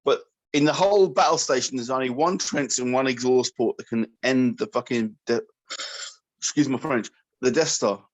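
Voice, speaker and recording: A man in loose podcast banter who sounds animated and keeps getting sidetracked. His voice sits at an ordinary middle pitch. He jokes and swears freely. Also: normal speed, rough recording. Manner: animated, easily sidetracked, joking, swears casually. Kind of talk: casual chat.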